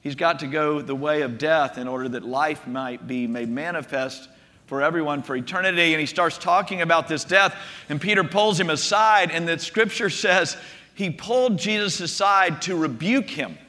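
A man preaching a sermon to a congregation, telling the stories in an animated way and often restarting with repeated words. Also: a little high, moderate pace. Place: room with a gathered congregation. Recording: long reverb of a large hall.

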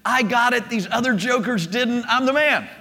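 A brash, all-or-nothing disciple blurts out eager, boastful lines, as a preacher puts him on. The voice sits high and sharp, and a long reverb hangs behind it in a big hall. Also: male voice, rapid-fire.

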